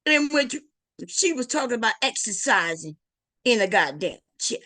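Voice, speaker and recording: A middle-aged woman hosts a casual livestream, loud, teasing and profane as she talks straight to her chat. Her voice sits a little high for a woman. The sound is dry and close, with hardly any room around it. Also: sing-song, moderate pace, no echo. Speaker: livestream host.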